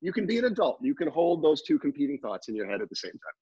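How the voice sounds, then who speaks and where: Husky man rambling on a podcast. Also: on the high side, quick pace, dry recording, dull audio. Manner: animated, rambling, joking theories. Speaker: podcast co-host. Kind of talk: casual comedic chat.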